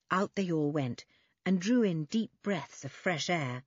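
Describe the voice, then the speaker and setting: A woman narrating a children's adventure story in an expressive, lively reading. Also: lowish voice, a little slow, slightly rough, no room sound, muffled recording. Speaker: audiobook narrator.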